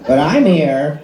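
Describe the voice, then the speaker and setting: A man's voice: fairly high pitch, very noisy. A middle-aged man doing stand-up comedy in a bar and grill, telling rambling, self-deprecating, profane anecdotes. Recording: echoey live room.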